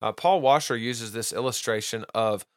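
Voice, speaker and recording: A man's voice: medium pitch, moderate pace, dry recording, studio quality. A man hosting a podcast, teaching doctrine in an earnest, casual monologue, often restarting and repeating words and reading quotes aloud.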